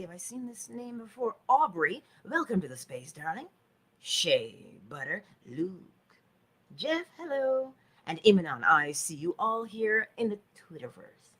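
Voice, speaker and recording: A woman hosting an inspirational live audio space, greeting listeners and talking in an unhurried way that sometimes drops to a whisper. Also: mid-range voice, breathy edge. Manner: warm greetings, drifts into whispers.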